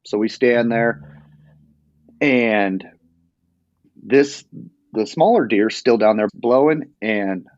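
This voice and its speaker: A man's voice: medium pitch, slow pace, pauses often, dry recording. Rambling male hunter telling a story. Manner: animated, rambling retelling with many restarts. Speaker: hunting guest telling a story. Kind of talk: casual storytelling. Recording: dull lo-fi sound.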